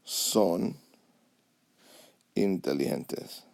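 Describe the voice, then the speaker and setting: A man's voice: low voice, extremely slow, creaky, a little mellow. A man teaching a Spanish lesson over a whiteboard app, patiently checking understanding with frequent "okay?" and "alrighty?". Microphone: tablet mic over whiteboard app.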